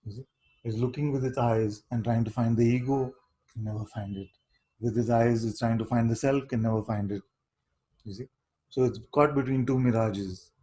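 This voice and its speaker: Male spiritual teacher with a mellow, husky voice. Unhurried and questioning, he keeps checking in with "you see?". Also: mid-range voice, fairly even intonation, poor audio. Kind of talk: satsang talk to seekers.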